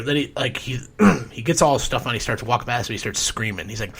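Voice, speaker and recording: A man's voice: mid-range voice, brisk, few pauses, fairly bright tone. Profane, rambling male home inspector. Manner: rambling, profane, frequent throat clearing. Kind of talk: casual podcast storytelling.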